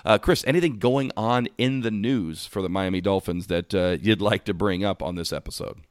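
A man co-hosting a casual sports podcast, telling animated stories and acting out voices. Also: on the low side, normal speed, clean tone, dry recording, clean studio sound. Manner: animated storyteller, acts out voices in anecdotes. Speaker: podcast co-host. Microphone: podcast microphone.

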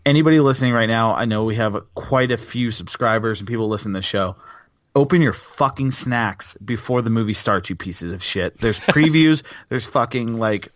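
A man's voice: medium pitch, moderate pace, no echo. A man in his thirties co-hosting a podcast in casual chat, blunt and ranting, swearing freely. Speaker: podcast co-host.

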